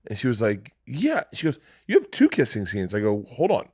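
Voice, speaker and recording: A middle-aged man telling a crude, animated story in a casual podcast chat, acting out other people's voices as he goes. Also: lowish voice, a little fast. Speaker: podcast guest.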